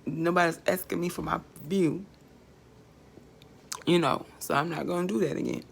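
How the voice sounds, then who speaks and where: A woman vlogger delivering a rambling, profane monologue that swings between quiet muttering and angry shouting. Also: lowish voice, normal speed, gravelly, slight background noise.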